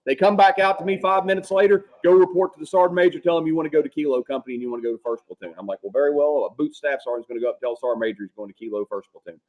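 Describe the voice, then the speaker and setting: Profane ex-Marine spinning stories. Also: male voice, a little high, very fast, few pauses, lo-fi sound. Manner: profane, animated war storytelling. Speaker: guest, former Marine sergeant. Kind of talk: casual storytelling.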